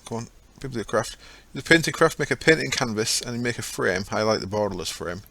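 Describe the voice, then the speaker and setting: Animated and fairly quick, this medium-pitched voice sounds gravelly, pushed and bright. The man hosts a gaming channel, rambling chattily over his own gameplay and often correcting himself.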